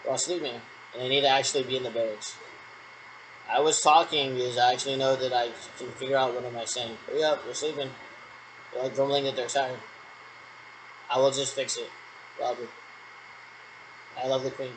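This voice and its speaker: A man's voice: mid-range voice, steady tone, moderate pace, pauses often, background noise. A man talking through rambling radio checks, repeating military radio jargon in a meandering, one-sided way.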